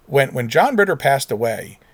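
A man's voice: mid-range voice, very animated, normal speed, no echo. A middle-aged man hosting a solo podcast in a casual, rambling way, often restarting his sentences and growing emotional at times. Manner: rambling, self-interrupting, conversational. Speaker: podcast host.

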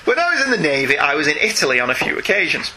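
A man's voice: fairly high pitch, very animated, very fast, a loud crowd. A man co-hosting a casual chat show, reading listener emails aloud and laughing often.

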